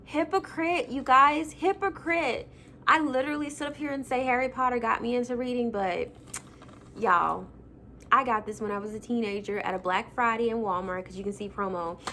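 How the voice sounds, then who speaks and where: A woman's voice: on the high side, steady tone, a little fast, sharp tone, a little hiss or hum. A young woman vlogging casually about her childhood books, chatty and self-mocking with lots of fillers. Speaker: book vlogger. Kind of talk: casual chat.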